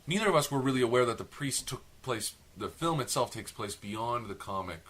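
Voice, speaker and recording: Young male co-host, casual chat, talkative and self-deprecating, average pitch. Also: animated, brisk, fairly bright tone. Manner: chatty, long-winded, self-deprecating. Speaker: podcast co-host.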